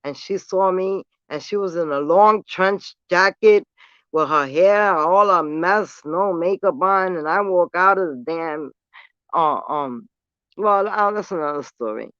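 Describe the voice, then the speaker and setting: A woman's voice: on the low side, unhurried, a bit bright, no echo, dull audio. Blunt New woman telling stories. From New York City. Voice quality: blunt, profane street talk. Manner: smoking while talking. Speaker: vlogger. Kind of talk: casual storytelling.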